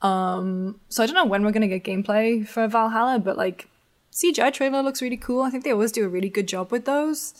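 A woman's voice: on the high side, quick pace. A woman from Newcastle in northern England with a mixed English accent that has picked up American traces, co-hosting a casual podcast chat in a chatty, self-deprecating way. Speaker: podcast co-host.

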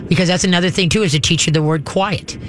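Hosting a call-in advice show as a dog trainer, a man with a fairly high, steady voice chats in a folksy way at a quick pace, often restarting his sentences. To demonstrate a command he shifts into a low, firm growl. The background is noisy.

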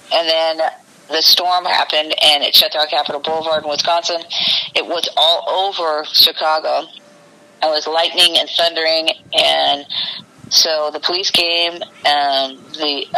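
Bright-voiced woman telling a rambling story. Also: deep voice, poor audio. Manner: rambling, breathless personal storytelling. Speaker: guest. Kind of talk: casual interview storytelling.

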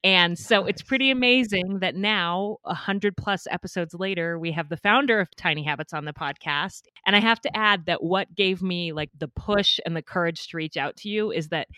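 A woman with a lowish voice hosts a podcast interview, eager and warm as she talks. The sound is dry and close, with no room around it. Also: moderate pace, hardly any pauses, no room sound. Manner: warm, enthusiastic. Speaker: podcast host.

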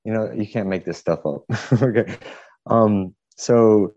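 Man, podcast guest, low and mellow, rambling anecdote, dry dull sound. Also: slow, no echo. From southeastern United States. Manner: rambling, hesitant, many fillers and restarts. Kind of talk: casual storytelling.

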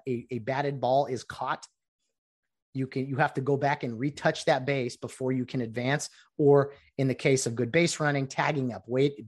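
A middle-aged man hosting a solo podcast, explaining rules in a chatty, rambling way with many fillers. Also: mid-range voice. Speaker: podcast host. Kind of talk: casual solo podcast talk.

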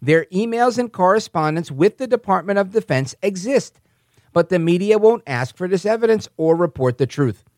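A man's voice: high voice, expressive, normal speed, darkish tone, no room sound, clean studio sound, pitched above the performer's own voice. A man doing a put-on impression of a boastful older male politician, emphatic and bombastic. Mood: indignant.

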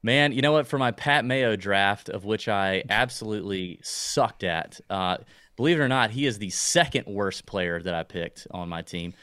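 A man with a fairly low voice talks through a casual sports chat. He rambles, stalls and restarts his sentences often. The sound is close and dry, with no room around it. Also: moderate pace, sharp tone, clean tone, no echo. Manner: rambling, hesitant, with many restarts. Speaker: podcast co-host.

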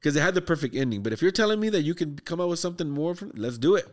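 A man hosting a podcast, excitedly retelling a horror movie plot in casual, profane, rambling chat. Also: a little high, rapid-fire. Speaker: podcast host.

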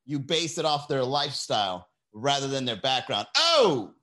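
A man hosting a comedy podcast, talking in a profane, animated, laughing monologue to a live chat. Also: medium pitch, moderate pace, slight background noise. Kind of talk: casual comedy monologue on a livestream. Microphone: desk mic with mixer.

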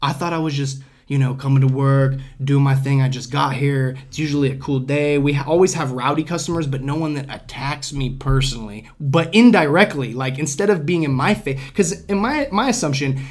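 A man's voice: medium pitch, brisk, hardly any pauses. A young man hosting a podcast, telling a story in casual chat, acting out the other people's voices and swearing freely. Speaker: podcast host.

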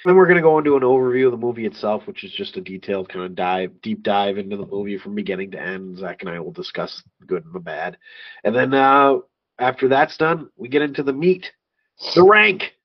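A man's voice: on the low side, fast talker, lo-fi sound. A man in his thirties hosting a casual podcast, rambling with frequent laughs and restarts. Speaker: podcast host.

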